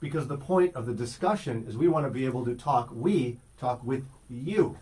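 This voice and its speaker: A man's voice: medium pitch, animated, moderate pace, darkish tone, husky. A man hosting a casual morning show, teasing his co-host and telling stories. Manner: teasing, storytelling.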